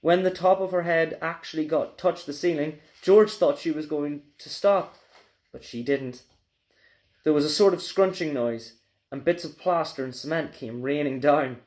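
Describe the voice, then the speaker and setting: A man's voice: fairly high pitch, normal speed. A male teacher reading a children's book aloud, telling it expressively. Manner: expressive storyteller.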